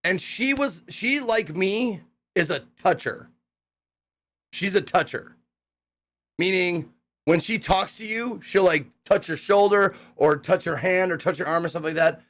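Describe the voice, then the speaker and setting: A young man casually recapping a hosting gig, rambling and profane, acting out the people he quotes in excited voices. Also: high voice, unhurried.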